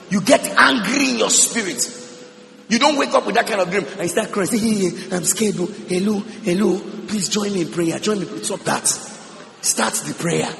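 A man pastor preaching an emphatic sermon, breaking into shouts and tongues, recorded in a church. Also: high voice, gravelly. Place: church hall. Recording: reverberant church hall.

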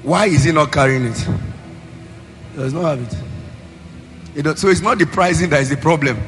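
A man with a Nigerian accent preaching a sermon as pastor, in a sing-song cadence that rises into shouted emphasis. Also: a little high, normal speed. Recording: long hall reverb, faint music.

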